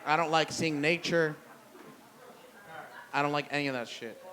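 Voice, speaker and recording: A man doing a stand-up comedy set in a brewery, blunt and profane with a deadpan delivery. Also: on the high side, normal speed. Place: brewery venue with live audience. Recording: noisy live room.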